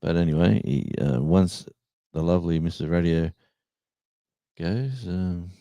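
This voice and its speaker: A man's voice: sits low, unhurried, no room sound, muffled recording. A man hosting a live stream, telling long rambling stories in a casual, chatty way. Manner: rambling storyteller, chatty and animated. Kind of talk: casual chat.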